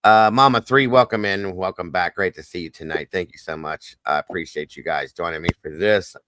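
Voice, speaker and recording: A man's voice: sits low, fairly quick, a bit bright, dry recording. A man with a Southern US accent hosting a casual livestream chat, folksy, repetitive and upbeat. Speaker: host.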